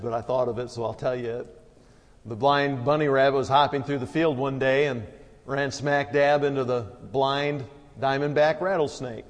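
A man preaching a sermon in a folksy, conversational way, with long hall reverb. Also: medium pitch.

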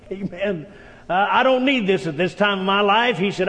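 Male pastor, high voice, storytelling sermon style, recorded in an echoing hall. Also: a little fast, a bit bright. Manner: folksy storytelling preacher, frequent amens.

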